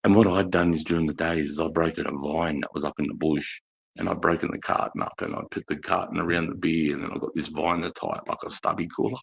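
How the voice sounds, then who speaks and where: A middle-aged Australian man telling rowdy army stories in a coarse, profane, animated way on a casual live stream. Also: extremely low pitch, quick pace, creaky, breathy edge. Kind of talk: casual storytelling chat. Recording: dull lo-fi stream audio.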